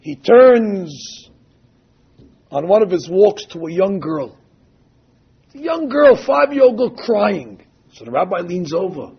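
A man's voice: sits high, sing-song, slow, gravelly, long pauses, slightly rough. A man giving a sermon as a religious teacher, telling stories and quoting texts emphatically, drawing out key phrases. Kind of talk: sermon with storytelling. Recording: dull lo-fi recording.

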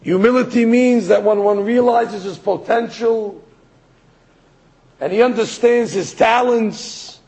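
A man giving a sermon as a rabbi, telling a story in an animated way and rising to emphatic peaks. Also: very high-pitched, creaky, breathy edge, low-quality recording. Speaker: rabbi or Torah teacher.

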